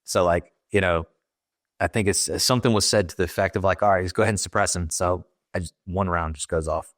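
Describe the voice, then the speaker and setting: Ex-Marine guest, deep male voice, halting casual storytelling, dry close sound. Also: fairly even intonation, no room sound. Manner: plain, halting retelling with many fillers and quoted dialogue.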